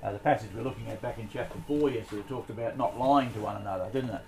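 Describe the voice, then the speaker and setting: A man's voice: mid-range voice, quick pace, darkish tone, slight background noise, low-quality recording. A man leading a group Bible study, talking in a conversational way with many fillers and restarts.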